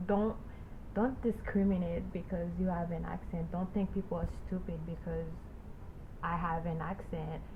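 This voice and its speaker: A young woman with a Creole-tinged accent, speaking haltingly with many restarts in a casual discussion. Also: on the low side, steady tone, phone-quality sound, a little hiss or hum. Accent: Haitian Creole-influenced.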